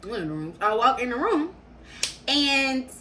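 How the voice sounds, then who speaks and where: High bright slangy young woman storyteller. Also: measured pace, slight background noise. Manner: slangy, animated, repeats phrases for emphasis. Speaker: storytime vlogger. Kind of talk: casual storytelling.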